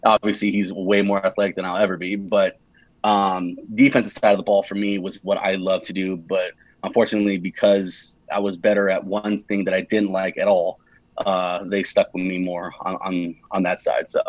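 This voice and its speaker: He's a young Californian in his twenties appearing as a podcast guest, his voice sitting low with a flat delivery at a moderate pace. Chatting casually, he rambles with many fillers and restarts. The recording has no room sound and a dull lo-fi quality.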